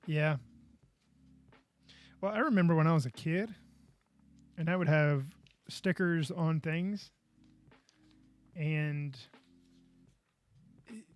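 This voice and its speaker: Slow and pausing often, a man with a voice on the high side talks over soft background music. He hosts a live podcast as casual live-stream chat, goofy and talkative while he builds, letting out frustrated outbursts.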